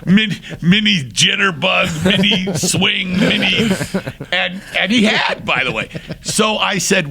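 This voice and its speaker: Older male guest, gravelly bright voice, swooping lively delivery, acts out every quote. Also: sits high, measured pace. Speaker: podcast guest. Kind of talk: anecdotal storytelling.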